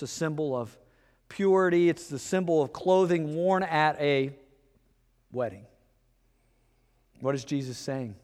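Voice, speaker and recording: A man preaching a sermon, acting out back-and-forth dialogue with lively swings in pitch and loudness. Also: in a large hall. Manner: animated, acts out dialogue with shifts in pitch and loudness. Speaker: pastor.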